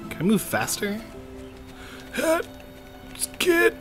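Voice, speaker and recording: Commenting on a game he's playing, a man keeps things light and playful, cracking jokes and addressing the characters on screen in typical let's-play fashion. His voice is medium-pitched, fairly bright, animated and slow. Faint music runs underneath.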